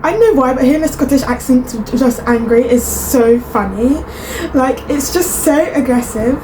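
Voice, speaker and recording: A woman's voice: high voice, brisk, mellow, slight background noise, rough recording. A young woman, chatting in rambling asides as she reacts to clips. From Britain. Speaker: reaction video host. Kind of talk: casual reaction commentary.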